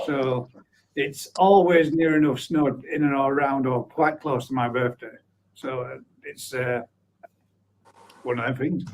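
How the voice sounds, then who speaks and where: A man's voice: medium pitch, fairly even intonation, unhurried, darkish tone, a little hiss or hum, low-quality recording. A man in his forties hosting a live stream, chatting casually and reading out viewer comments, blunt, with offhand swearing and frequent laughs. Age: 40s.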